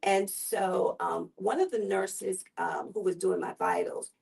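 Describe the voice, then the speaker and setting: A woman guest with a gravelly voice telling her personal story in an earnest, unhurried way. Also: medium pitch, a little mellow, recorded from a distance, low-quality recording. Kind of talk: personal testimony in conversation.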